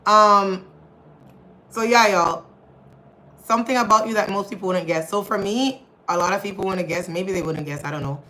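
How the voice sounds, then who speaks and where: Bright-voiced chatty woman on a livestream. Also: mid-range voice, normal speed, poor audio. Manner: chatty, laughs often, calls audience y'all. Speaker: livestream host. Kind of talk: casual live chat reading viewer comments.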